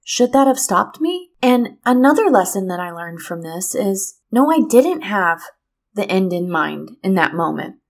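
A woman hosting a podcast, telling a personal story in a lively, expressive way and drawing a motivational lesson from it. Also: medium pitch, a little slow. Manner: lively, expressive storyteller who acts out what people said. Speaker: podcast host.

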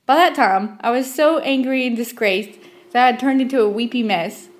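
A woman's voice: a little high, normal speed. Wry Appalachian woman telling stories. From Southwest Virginia. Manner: wry, self-deprecating. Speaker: storyteller podcast host. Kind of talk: scripted story narration.

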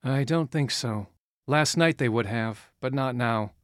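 A man's voice: medium pitch, measured pace, dry recording, clean studio sound, natural voice. A man voicing a determined, resourceful young woman who speaks firmly and directly in an audiobook. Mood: matter-of-fact. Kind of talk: audiobook character voice.

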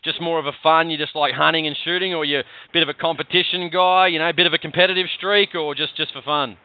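A man's voice: a little high, steady tone, quick pace, no room sound. A man hosting a casual interview, prompting his guest in an easygoing way. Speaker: podcast host. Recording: dry phone-like line.

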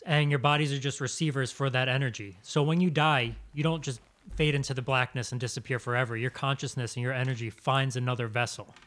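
A man's voice: medium pitch, steady tone, fast, a bit bright. A man musing thoughtfully during casual chat on a talk show.

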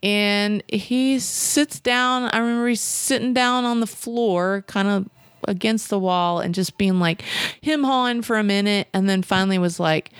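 A woman of middle pitch tells her own story as a guest, chatty and animated. She slips into other people's voices when she quotes them. Her voice sounds close and dry, with no room echo. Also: unhurried, clean tone. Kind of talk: casual personal storytelling.

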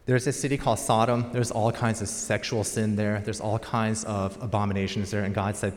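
Storytelling preacher in a reverberant hall. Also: male voice, on the low side, little pitch movement, fairly quick, hardly any pauses. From United States. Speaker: pastor. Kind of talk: sermon.

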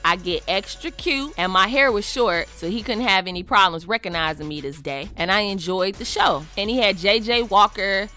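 A woman telling a personal story in a casual, slangy, emphatic way, acting out the quoted lines with lively expression. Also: mid-range voice, moderate pace, few pauses, soft background music.

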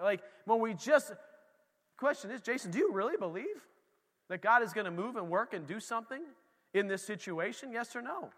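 A pastor preaching a lively, conversational sermon in a church, talking straight to his congregation. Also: high-pitched, moderate pace, in a large hall.

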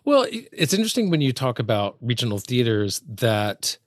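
A man's voice: mid-range voice, very animated, moderate pace, no room sound, clean studio sound. A man hosting a casual interview, speaking in an earnest, reflective way and drawing on his own stage experience. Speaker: host.

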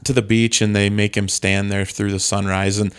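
A man with a fairly low voice, chatting casually about movies. He talks wryly and laughs often, with mock-disgusted asides. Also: level tone, normal speed, clean tone.

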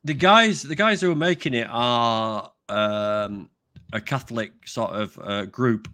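A man from the North of England chatting casually, pausing often with ums while he searches for things. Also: medium pitch, bright, forceful tone, no room sound, studio quality. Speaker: vegan actor and activist host. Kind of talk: casual chat.

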